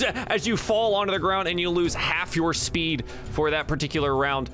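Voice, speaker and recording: A man narrating as game master in a relaxed, chatty way with frequent fillers. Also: on the high side, moderate pace, hardly any pauses, music in the background.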